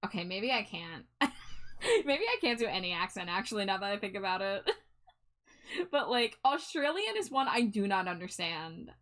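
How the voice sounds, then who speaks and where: A woman's voice: mid-range voice, very animated, normal speed, fairly bright tone. Chatty self-deprecating woman streamer. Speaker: streamer host. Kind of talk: casual chat.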